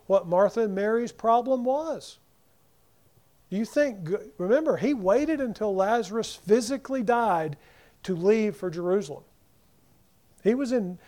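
High-voiced male preacher with a mellow tone. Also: expressive, measured pace. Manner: preaching with shifts between loud emphasis and near-whisper. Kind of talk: sermon.

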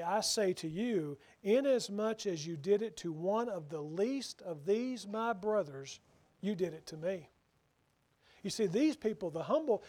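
A man preaching a sermon, reading scripture slowly and acting out the voices of the people he quotes. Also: sits high, a little mellow.

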